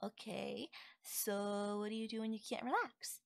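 A woman's voice: medium pitch, fairly even intonation, unhurried, gravelly, dry recording, studio quality. A voice actress playing a curious, naive young wolf-girl in an ASMR audio role-play, full of innocent questions. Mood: soft, wondering.

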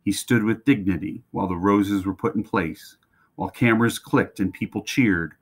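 Man, lowish voice, expressive storybook reader. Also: moderate pace. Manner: expressive, animated reading. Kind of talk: reading a children's book aloud.

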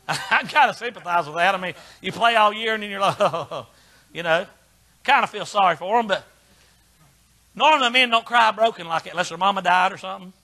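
Older preacher, high, bright voice. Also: male voice, fairly quick. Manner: folksy, preaches in short punchy bursts that swing from quiet to shouting. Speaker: Baptist preacher. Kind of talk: fiery sermon.

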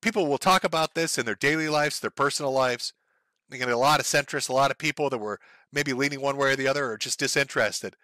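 A man's voice: medium pitch, fast, sharp tone, no room sound, studio quality. A man giving a heated, profane political rant, full of sarcastic mocking impressions. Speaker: commentary streamer. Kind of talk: ranting political commentary.

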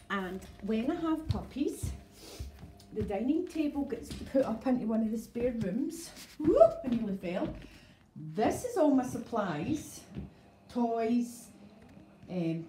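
Scottish lady rambling on a livestream, laughs a lot, warm mellow voice. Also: a little high, a little hiss or hum, low-quality recording. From Scotland. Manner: chatty, rambling, laughs often. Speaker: dog breeder livestreaming. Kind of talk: casual livestream chat. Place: home, indoors.

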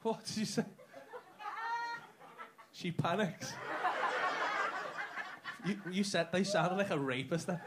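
A man's voice: high-pitched, slow, long pauses. A man doing crowd work in a comedy club, sweary and mocking, ranting at the audience and laughing through his lines. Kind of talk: live stand-up crowd work. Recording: live club recording with audible noise.

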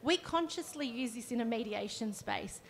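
A woman's voice: on the high side, animated, normal speed, gravelly. A woman, a counsellor giving a conversational workshop talk and demonstrating as she explains. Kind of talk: live presentation to an audience.

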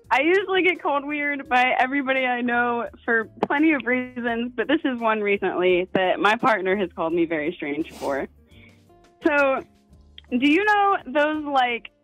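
A high-voiced young woman calls in, nervous and quick to giggle, a little shy as she explains herself. Her voice sounds dry and close, and faint music plays behind her. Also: fairly bright tone, no echo, low-quality recording. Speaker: caller. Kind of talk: casual phone chat.

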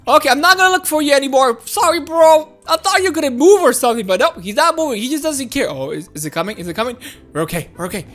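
A woman giving excitable gameplay commentary, squealing, giggling and crying out in panic, with faint game music behind. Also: extremely high pitch. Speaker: gaming video host.

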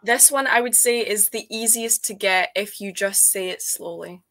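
A woman's voice: mid-range voice, normal speed, a bit bright, dry recording. A Scottish woman from Scotland chatting enthusiastically as a guest, laughing often. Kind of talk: casual video call chat.

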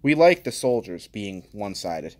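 A man on his own channel casually comments while opening card packs, cracking jokes and reading card names aloud with bursts of excited exclaiming. His voice is on the low side, at a moderate pace.

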